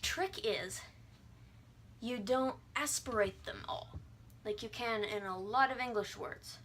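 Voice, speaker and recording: A woman's voice: on the high side, slow pace, fairly bright tone, a little hiss or hum. Breezy young woman teaching pronunciation. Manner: breezy and irreverent, sounding out vowels and words as examples. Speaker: language teacher. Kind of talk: casual video lesson.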